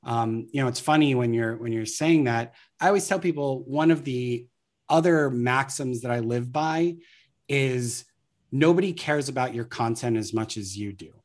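A guest on an interview explains marketing in a casual way, with a voice of middling pitch. The talk runs on anecdotes and acted-out street scenes. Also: moderate pace. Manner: anecdotal, acts out scenarios.

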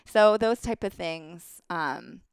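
A woman co-hosting a relaxed podcast conversation, her voice low-set and smooth. She rambles through anecdotes with lots of "like" fillers and acts out what people said. The sound is dry and close. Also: slow pace, no echo. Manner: chatty storyteller, acts out quoted voices, many "like" fillers. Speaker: podcast co-host. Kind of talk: casual chat.

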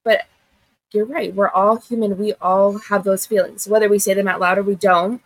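A woman's voice: mid-range voice, fairly even intonation, no echo, poor audio. Reassuring woman co-host. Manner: reassuring, fills pauses with "you know". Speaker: podcast co-host. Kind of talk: supportive conversation.

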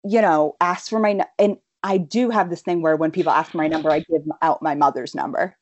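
A woman's voice: low-pitched, fairly even intonation, fairly quick, a little mellow, no room sound, highs cut off. A young woman in her twenties telling rambling stories in a casual chat, full of fillers. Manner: rambling storyteller, many fillers. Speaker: guest.

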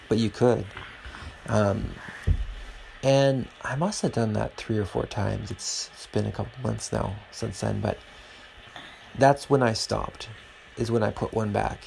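A man's voice: fairly low pitch, steady tone, a little slow, vocal fry, a little mellow, slight background noise, low-quality recording. A man hosting a podcast alone at home, talking in an earnest, preachy and rambling way. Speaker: podcast host. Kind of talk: casual podcast monologue.

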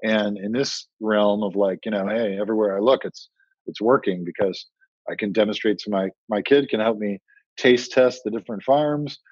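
A man's voice: on the low side, moderate pace, dry recording. A man, a startup founder, talking casually in an interview and acting out the dialogue in his stories. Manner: animated storytelling, acts out quoted dialogue. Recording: muffled dry podcast audio.

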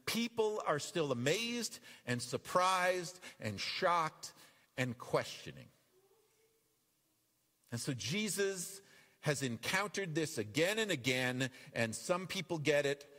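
A man preaching a sermon as pastor, animated and acting out the voices in the passages he reads. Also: a little high, slow pace, in a large hall. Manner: animated, acts out quoted voices. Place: church.

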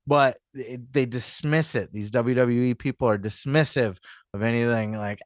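A man's voice: mid-range voice, normal speed, no room sound, studio quality. Rambling, profane male podcast host. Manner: profane, rambling, keeps asking "you know what I mean". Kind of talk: casual podcast rant.

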